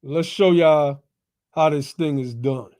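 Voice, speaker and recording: A man hosting a casual stream, pausing a video to point things out to his audience. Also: fairly high pitch, darkish tone. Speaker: host of a reaction stream. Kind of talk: casual commentary on a played video.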